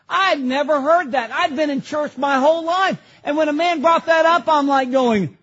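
A man's voice: extremely high pitch, normal speed, few pauses, sharp tone, highs cut off. A man preaching a sermon from a pulpit, emphatic, firing questions at the congregation and answering them himself. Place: church sanctuary at a pulpit.

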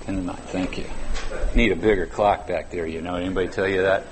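A man's voice: sits low, steady tone, a little fast, big-room sound, background noise. A man in his fifties preaching a sermon in a church, conversational and drawing out key words for emphasis. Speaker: pastor. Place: church sanctuary.

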